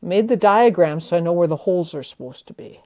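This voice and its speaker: A woman's voice: lowish voice, expressive, fairly quick, dark tone. A woman vlogger talking herself through a hands-on repair project in a chatty, slightly nervous way. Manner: chatty, self-talking while working, nervous. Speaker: vlogger restoring a vintage tree. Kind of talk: casual hands-on how-to narration.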